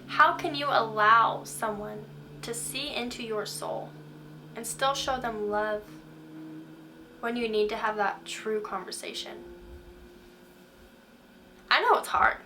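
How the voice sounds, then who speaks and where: A woman's voice: a little high, slow, pauses often, sharp tone, slight background noise. A woman hosting a faith talk, speaking earnestly and asking the listener many questions. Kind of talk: devotional talk to camera.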